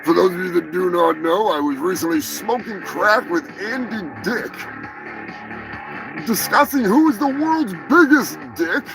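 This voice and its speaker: A man hosts a live show with a high, gravelly voice. He talks slowly, moving from mock-solemn confession to shouted, swearing fury. Faint music sits behind him. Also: lively intonation, low-quality recording. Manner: swings from slow mock-solemn to shouted profane rage. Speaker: podcast host. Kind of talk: mock-apology comedy rant.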